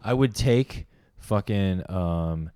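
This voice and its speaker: A man's voice: low-pitched, slow pace, dark tone, smooth. A young man co-hosting a podcast, telling loose, profane stories and laughing often in casual chat. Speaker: podcast co-host.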